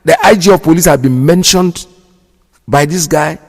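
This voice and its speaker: With a fairly high voice and a moderate pace, a man hosts a radio show full of indignant, preachy remarks that he repeats for emphasis. The sound carries a long hall reverb.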